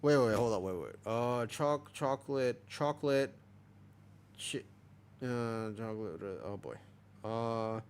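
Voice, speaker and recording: A man's voice: mid-range voice, a little slow, a little hiss or hum. A man in his twenties chatting casually on a live stream, rambling and restless, full of restarts and the odd swear word. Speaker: Twitch streamer.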